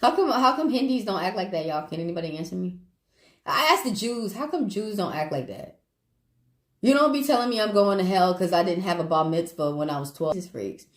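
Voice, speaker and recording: A woman's voice: medium pitch, lively intonation, a little fast. Laughing Southern woman chatting on a livestream. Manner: chatty and profane, laughs often, talks to viewers. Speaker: tarot reader hosting a livestream. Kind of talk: casual livestream chat.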